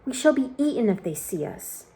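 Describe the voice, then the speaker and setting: A man's voice: very high voice, big pitch swings, moderate pace, vocal fry, mellow, exaggerated voice. A woman voicing a timid, fretful male earthworm in a storybook reading, fearful and complaining. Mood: hissing whisper.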